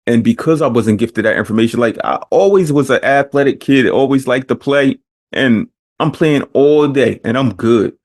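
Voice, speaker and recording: A man's voice: medium pitch, normal speed. A man hosting a podcast who talks in a thoughtful way and often restarts his sentences. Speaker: podcast host. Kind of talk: casual conversation.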